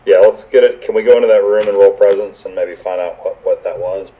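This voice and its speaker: A man's voice: low-pitched, fairly even intonation, a little fast, muffled recording. A man playing a tabletop game, easygoing and upbeat. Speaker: player.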